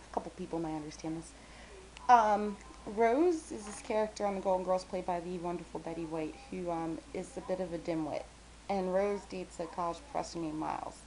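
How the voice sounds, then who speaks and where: A woman's voice: fairly low pitch, a little hiss or hum, rough recording. Chatty young woman rambling. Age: young adult. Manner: chatty, self-deprecating, quotes friends in bright squealy voices; rambling with fillers, mumbles at times. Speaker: vlogger. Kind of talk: casual rambling vlog.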